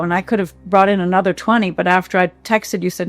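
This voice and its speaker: A woman who founded a clinic, giving a heartfelt, emotional testimonial with halting fillers and repeats. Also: fairly low pitch, little pitch movement, no room sound.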